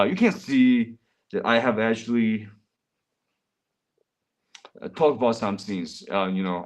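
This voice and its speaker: A man livestreaming in casual, rambling chat, often calling his viewers bro. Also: lowish voice.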